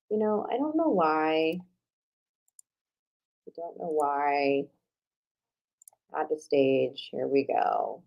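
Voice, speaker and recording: A chatty woman runs a live online workshop on a computer mic. Her pitch swings widely as she talks straight to her viewers. She drops to low mutters under her breath whenever her slides act up. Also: lively intonation, unhurried, vocal fry, long pauses. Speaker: online marketing coach hosting a live workshop. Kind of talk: live-streamed workshop talk.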